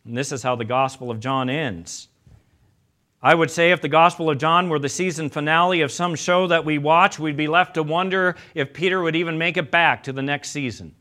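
A man preaching a sermon and retelling scripture as a story. He acts out the quoted lines in quieter, slower voices. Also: fairly high pitch.

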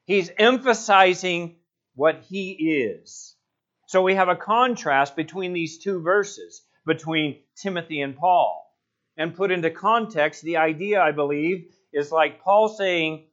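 A male pastor preaching a sermon, stressing words hard, rising to loud passionate peaks and dropping to quiet low asides. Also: unhurried, dull audio. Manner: emphatic, builds to loud passionate peaks then drops low.

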